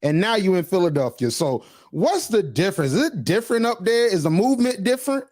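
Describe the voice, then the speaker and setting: Lively, animated male podcast host. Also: sits high, a little fast, no echo, clean studio sound. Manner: energetic, repeats "listen", slangy. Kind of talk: casual interview.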